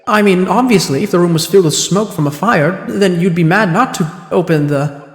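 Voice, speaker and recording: A man playing a flustered juror in a courtroom game, quick to defend himself and easily tripped up. His voice is pitched up and rings in an echoey room with a long reverb. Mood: defensive.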